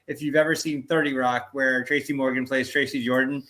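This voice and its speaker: Relaxed co-host with quick asides. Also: medium pitch. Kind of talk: casual chat.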